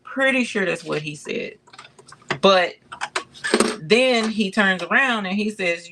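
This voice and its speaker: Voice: medium pitch, slow, pauses often, background noise. An embroidery channel host chatting casually on a livestream, calling viewers y'all and reading out chat comments.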